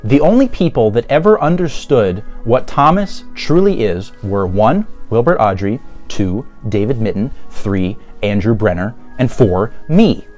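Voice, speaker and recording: A man's voice: on the low side, animated, unhurried, few pauses, a little mellow, faint music behind. A man giving casual review commentary in a sarcastic, exasperated manner. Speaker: video reviewer.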